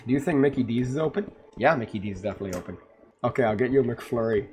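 A man vlogging in casual chat, swearing a lot and getting loudly excited. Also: mid-range voice, racing, a little hiss or hum.

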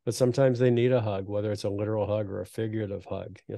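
A man in his fifties hosting a podcast, telling reflective, earnest stories in a relaxed conversational way. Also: on the low side, rapid-fire, creaky, no echo. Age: 50s. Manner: reflective, earnest storytelling with frequent restarts. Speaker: podcast host.

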